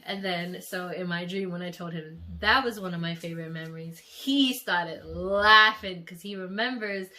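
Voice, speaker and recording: Young woman vlogging, bright voice, emotional animated storytelling, casual chat. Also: lowish voice, normal speed, hardly any pauses. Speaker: vlogger telling a dream.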